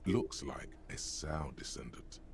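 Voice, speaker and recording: Brief: deep fry-laden game narrator with a weighty, solemn delivery. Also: male voice, slight background noise, heavily acted. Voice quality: gravelly, slow, portentous delivery. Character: gravelly male inner narrator of a detective game.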